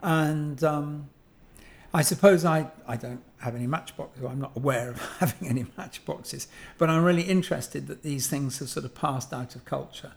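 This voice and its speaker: His voice is creaky and on the high side, set at a moderate pace. He's a guest sculptor from England in his seventies, talking reflectively and tangentially about objects, with plenty of ums and self-corrections.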